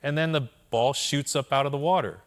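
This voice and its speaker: A conference speaker from Korea shares his own story onstage in a keynote, joking frankly at his own expense and often addressing the listeners directly. His voice is mid-range and fairly quick.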